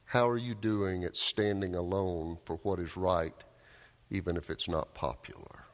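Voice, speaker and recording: A man's voice: fairly even intonation, a little slow. Preaching man in a reverberant church. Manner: storytelling, shouts quoted cries, drops low for emphasis. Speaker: pastor. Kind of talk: sermon. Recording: long hall reverb.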